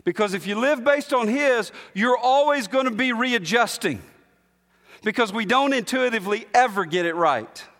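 A man preaching a sermon as pastor, emphatic, slowing down to stress repeated lines. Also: extremely high pitch, expressive, a bit bright, in a large hall. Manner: emphatic preaching with slow, drawn-out repetitions.

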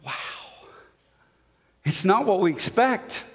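A man's voice: sits high, expressive, slow pace, fairly bright tone, slightly rough. A man preaching an expository sermon and reading scripture aloud, emphatic, his voice climbing on the quoted questions. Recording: long reverb of a large hall.

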